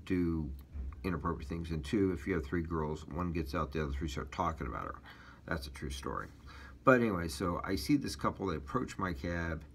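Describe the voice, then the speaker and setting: A man with a deep, low-pitched voice recounts his personal testimony in a loose, casual way. He drifts and restarts, filling gaps with ums and uhs the way a taxi driver tells a long story. A faint hiss of noise runs under the recording. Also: fairly bright tone. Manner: rambling storytelling with many fillers and restarts.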